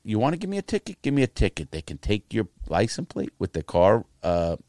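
Blunt, profane middle-aged American man for casual chat; low, animated voice, recorded dry and close. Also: brisk, no echo. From United States. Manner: profane, blunt storytelling with lively quoted voices. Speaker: guest telling his life story.

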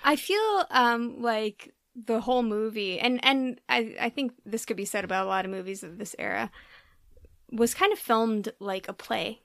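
A woman's voice: on the high side, normal speed, gravelly, a bit bright, no echo, clean studio sound. A woman co-hosting a podcast, chatting casually and thoughtfully about an old film.

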